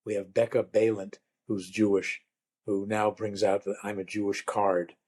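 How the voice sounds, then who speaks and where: Older guy, rabbi turned comic, low-ish voice, dry easygoing joke telling. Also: level tone, unhurried, darkish tone, breathy edge. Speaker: rabbi and comedian guest. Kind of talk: relaxed conversational storytelling. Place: lives in Vermont.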